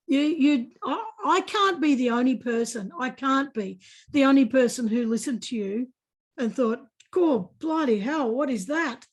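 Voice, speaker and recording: Gushing high-voiced Australian woman host. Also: a little mellow. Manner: gushing, repeats herself, talks over guest. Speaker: podcast host. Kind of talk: effusive podcast interview over video call. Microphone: video call.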